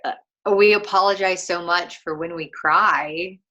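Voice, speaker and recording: Slow, low-voiced woman in calm book chat. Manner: thoughtful, many fillers and restarts. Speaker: co-host of a book discussion. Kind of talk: casual reflective chat. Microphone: video call.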